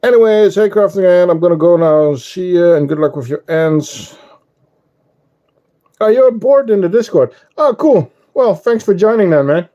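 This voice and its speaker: A man's voice: high-pitched, animated, normal speed, warm tone. A man with a Dutch accent, chatting casually with live-stream viewers while showing his ant colonies, with frequent ums. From Netherlands.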